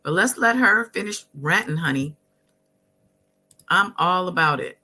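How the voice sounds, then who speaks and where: A woman's voice: fairly low pitch, lively intonation, unhurried, sharp tone, slightly rough. A woman commenting on a clip for a gossip channel, with sassy, encouraging asides. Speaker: video commentator.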